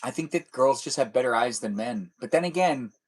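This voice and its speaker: A young male live streamer chats casually with viewers and reads their comments, his medium-pitched, husky voice animated and a little fast. He's playful and teasing, rambling as he goes.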